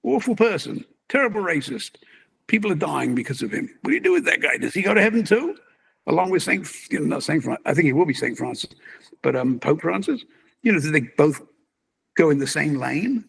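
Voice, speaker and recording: An older man, a magazine publisher and interview guest, musing in an animated, conversational way and chuckling as he talks. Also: on the high side, fairly quick, gravelly, breathy edge.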